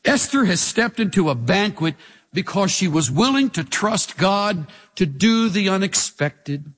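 A male pastor preaching with a high, lively voice that rises and falls constantly. He talks straight at the congregation and keeps throwing rhetorical questions at them. A long reverb trails each phrase. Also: unhurried. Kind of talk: sermon.

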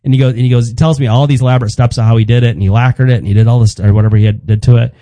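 A man in his fifties telling a family story in casual chat, wry and halting, with frequent restarts. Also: medium pitch, fairly even intonation, mellow, dry recording, poor audio. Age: 50s.

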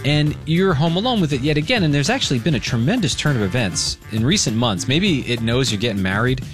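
A man hosting a radio show, teasing and animated in quick studio banter. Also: mid-range voice, faint music behind. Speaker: radio host. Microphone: studio microphone.

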